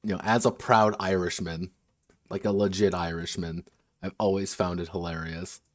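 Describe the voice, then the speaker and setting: Rambling, low-voiced man. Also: steady tone, moderate pace, no echo, soft background music. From United States. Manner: rambling, swears freely, laughs often. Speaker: game designer streaming a workshop. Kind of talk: casual stream chat.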